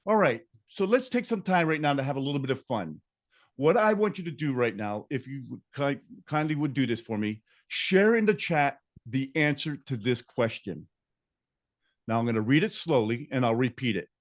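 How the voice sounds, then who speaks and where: An earnest man leads an online reading group over a video call. His voice sits at an ordinary middle pitch, and he is warmly encouraging, slowing down to repeat key questions so everyone can follow. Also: lively intonation. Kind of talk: hosting an online book-club session.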